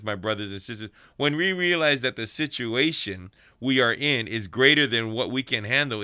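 A man preaching a sermon, with slow, repetitive rhythm and addresses to his congregation. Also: medium pitch, bright, forceful tone, no echo, studio quality.

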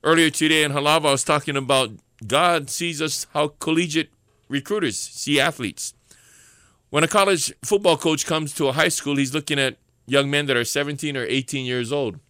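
Man, preacher, bright forceful voice, dry close sound, earnest, repeats lines for emphasis. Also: fairly high pitch, fairly even intonation, moderate pace, clear, resonant tone, no echo. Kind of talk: informal devotional sermon.

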